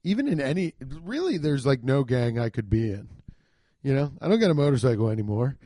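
Speaking a little fast in a mid-range voice, a man hosts a comedic storytelling podcast, swearing freely and animatedly acting out quotes in goofy voices. The recording is clean studio sound with no echo.

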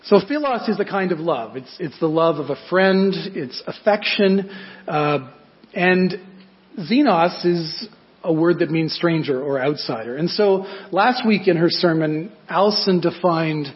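Man, sermon, fairly high voice, conversational preaching, rhetorical questions, muffled recording. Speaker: pastor.

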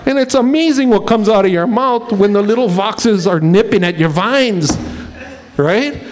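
A man's voice: high voice, normal speed, a little hiss or hum. A man preaching a sermon as pastor, telling stories and laughing at his own jokes.

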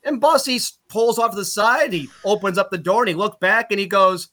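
A middle-aged man, a play-by-play broadcaster from upstate New York, telling road stories in casual podcast chat, animated and loud at punchlines. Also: high-pitched, brisk. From Utica, New York.

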